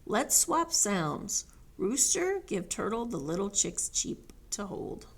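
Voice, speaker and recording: A calm, clever storybook horse, as a woman reading aloud puts him on. He speaks gently and reassuringly at a slow pace, and his pitch rises and falls a lot. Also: breathy edge, heavily acted.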